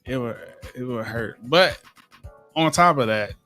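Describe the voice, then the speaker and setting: Man, podcast co-host, animated storytelling, very lively pitch, faint music behind. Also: a little slow. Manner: animated storyteller, acts out quotes. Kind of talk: casual storytelling.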